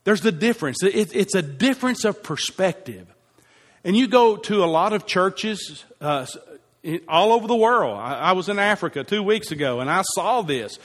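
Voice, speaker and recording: High-voiced preacher in a reverberant hall. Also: male voice, lively intonation, moderate pace. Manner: emphatic, repeats phrases for effect. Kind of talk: sermon.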